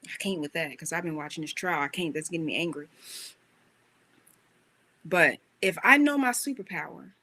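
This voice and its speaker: A woman coach giving an animated, emphatic motivational talk, full of rhetorical questions. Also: lowish voice.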